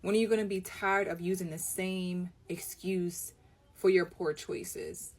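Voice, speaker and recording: Woman, lowish voice, scolding and preachy commentary. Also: steady tone, unhurried. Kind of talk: commentary to camera.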